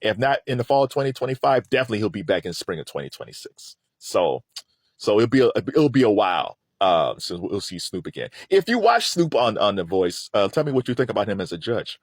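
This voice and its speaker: A middle-aged man hosting a casual pop-culture commentary, animated and rambling, laughing often. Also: lowish voice, fairly quick, no room sound, clean studio sound. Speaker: host.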